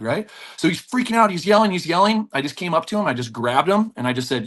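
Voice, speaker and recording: Animated man telling stories on a podcast. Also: a little high, quick pace, few pauses. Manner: animated storyteller, acts out voices, laughs often. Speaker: jiu-jitsu black belt and gym owner, podcast guest. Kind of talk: storytelling in a podcast interview.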